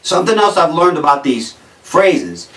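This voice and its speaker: A man's voice: fairly high pitch, sing-song, normal speed, fairly bright tone, reverberant, far from the mic, rough recording. A man with a New Jersey accent doing a wry, incredulous stand-up routine and laughing at his own jokes. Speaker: stand-up comedian.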